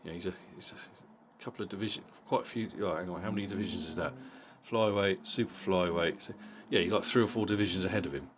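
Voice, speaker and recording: A man's voice: low-pitched, quick pace, few pauses, a little hiss or hum. A middle-aged man giving a casual, blunt boxing fight review, swearing freely and often repeating words as he goes. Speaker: boxing vlogger.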